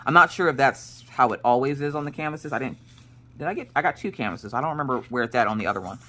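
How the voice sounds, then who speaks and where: A woman's voice: extremely low pitch, lively intonation, fast talker, fairly bright tone. A woman in her thirties chatting casually while she crafts. She rambles and often corrects herself mid-sentence. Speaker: crafting streamer.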